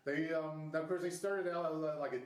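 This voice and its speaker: A man's voice: fairly high pitch, steady tone, brisk, echoey room, poor audio. A man in his thirties hosting a podcast, chatting casually with a guest and rambling through many restarts and fillers. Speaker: podcast host. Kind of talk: casual interview chat. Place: Ohio.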